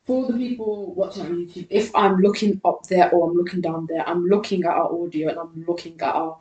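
A woman's voice: fairly low pitch, steady tone, dark tone, recorded from a distance, muffled recording. Young female podcast co-host, chatty, teasing, roomy sound. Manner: chatty, teasing, quick interjections. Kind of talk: casual chat. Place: room with ring light, podcast set. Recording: echoey room.

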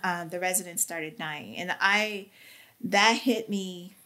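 A woman being interviewed, giving an emotional personal testimony with halting, earnest speech and fighting back tears. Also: lowish voice, pushed and bright. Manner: earnest, halting, with many fillers. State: tearful, near crying.

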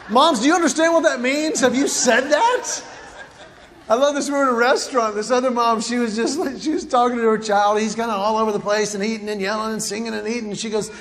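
A man with a very high, slightly bright voice performs stand-up comedy in a large hall before a live audience, animatedly acting out moms and kids as he tells stories. The recording is reverberant, with faint ambience and slight background noise.

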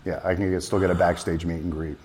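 Rambling low-voiced man telling a story. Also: fast. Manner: rambling, animated anecdote telling with many restarts. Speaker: festival volunteer driver. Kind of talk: storytelling in an interview.

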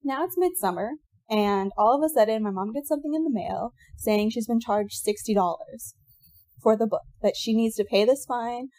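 A woman telling a personal story in casual chat, animated and laughing often, acting out what people said. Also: on the high side, normal speed, no room sound.

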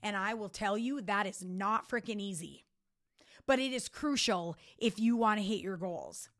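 A woman's voice: medium pitch, moderate pace. A woman hosting a podcast, giving a motivational talk with energy and emphatic repetition. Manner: energetic, emphatic, repeats key points. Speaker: podcast host.

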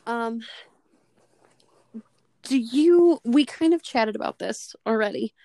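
Higher-pitched gravelly woman, blunt talker. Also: slow, dry recording. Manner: blunt and expressive, swears freely. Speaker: podcast co-host. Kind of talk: casual chat.

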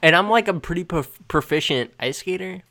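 A young man co-hosting a casual podcast chat, telling stories in a lively way and acting out what people said. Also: high-pitched, brisk, vocal fry. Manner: animated storytelling, acting out quoted lines. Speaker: podcast co-host.

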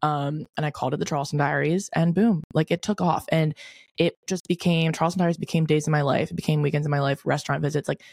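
A woman in her twenties hosting a podcast, telling a story in a casual, animated way, full of "like" fillers. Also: deep voice, quick pace, gravelly, dry recording, clean studio sound. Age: 20s. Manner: chatty, lots of "like" fillers, animated retelling. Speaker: podcast host.

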